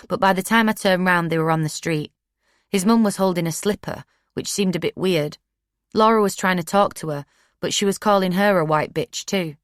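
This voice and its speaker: A woman narrating a first-person true crime audiobook in a steady, plain-spoken way. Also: lowish voice, normal speed, no echo, studio quality.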